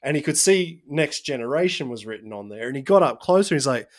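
A man with an ordinary mid-range voice tells a story in relaxed podcast chat. He brightens and gets livelier whenever he quotes what someone else said. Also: medium pitch, fast. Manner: storytelling, animated when quoting others. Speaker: podcast co-host.

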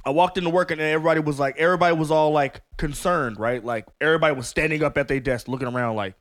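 A man co-hosting a podcast, telling stories in an animated, casual way with plenty of swearing. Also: fairly high pitch, very fast. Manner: animated storytelling, swearing, laughing. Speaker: podcast co-host. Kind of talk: casual chat.

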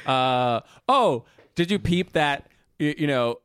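A man's voice: a little high, animated, slow, a bit bright, clean tone, dry recording, clean studio sound. A man co-hosting a casual movie review chat, laid-back, laughing while he retells scenes. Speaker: podcast co-host.

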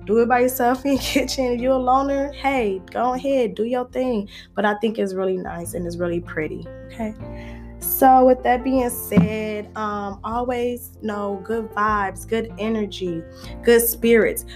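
A woman's voice: on the high side, unhurried, darkish tone, soft background music. A woman vlogger, talking casually to her viewers, playful and preachy. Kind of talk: casual chat to camera.

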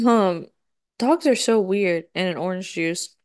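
A woman's voice: medium pitch, takes it slowly, darkish tone. A woman hosting a podcast, telling a story in a chatty way, swearing freely and acting out her own quotes. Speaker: podcast host. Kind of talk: casual storytelling monologue.

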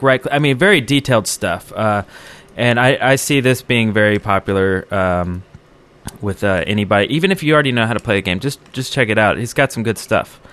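A man's voice: medium pitch, a bit bright, smooth. A man co-hosting a casual gaming podcast, rambling loosely with lots of fillers and frequent laughter. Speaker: podcast co-host.

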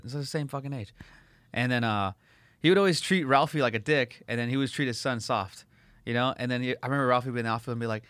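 A man's voice: medium pitch, a bit bright, dry recording. A man from Los Angeles hosting a casual chat, rambling and swearing as he tells funny stories from his childhood neighborhood. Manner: fast, rambling, swears a lot, acts out voices for laughs.

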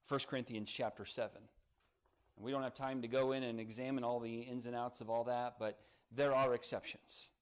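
A man's voice: mid-range voice, little pitch movement, brisk, clean tone. A man preaching a morning sermon, earnest and emphatic, leaning on key words as he builds each point. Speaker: pastor.

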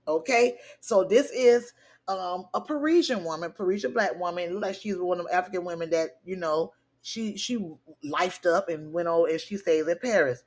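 A woman's voice: fairly low pitch, normal speed, a little mellow. A woman hosting a gossip podcast, reading out text messages with laughing, incredulous asides in casual commentary. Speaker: podcast host.

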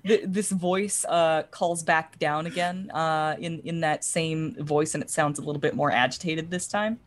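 Low-voiced woman game master. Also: fairly even intonation, measured pace. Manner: descriptive, with many ums and uhs. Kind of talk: narrating a tabletop game.

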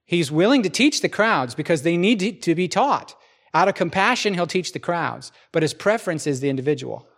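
A man's voice: sits high, lively intonation, brisk, fairly bright tone. A man preaching a sermon to a congregation in a conversational way, asking them questions and acting out the words of the people in his stories. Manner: conversational, asks the congregation questions, acts out quoted speech.

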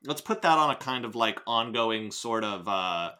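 Lively American man co-hosting a podcast. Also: fairly low pitch, moderate pace, clean tone. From United States. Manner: animated, repeats himself. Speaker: podcast co-host. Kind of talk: casual chat and reading aloud.

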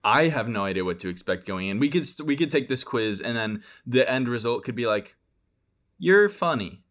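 A man co-hosting a casual podcast, laughing easily and pausing on ums and restarts. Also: medium pitch, a bit bright. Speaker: podcast co-host.

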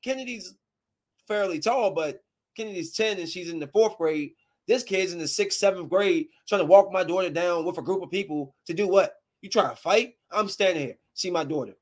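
A woman's voice: on the low side, animated, moderate pace, breathy edge. A woman in her thirties tells a heated personal story straight to her viewers. Her delivery is a fiery, slang-filled rant, emphatic and blunt from start to finish. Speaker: parent telling a story.

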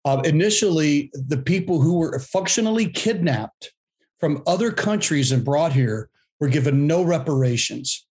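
A man in his fifties, a guest in a panel discussion, thinking aloud in a reflective way with pauses and restarts. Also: on the high side, lively intonation, a little mellow.

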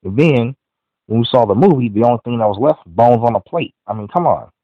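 A man's voice: mid-range voice, animated, a little fast, no room sound. A man hosting a podcast, giving a casual, rambling movie review full of "you know" fillers. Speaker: podcast host. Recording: dry, phone-like audio.

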